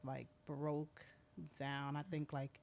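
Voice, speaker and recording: In an emotional interview, a woman in her thirties who works as a school principal talks in a very deep, level voice. She is soft-spoken and hesitant, leaning on many fillers.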